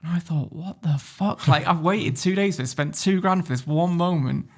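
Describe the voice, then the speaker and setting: A man with a British English accent, a podcast guest telling a story in a blunt, sweary and animated way. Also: a little high, fairly quick. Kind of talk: casual storytelling.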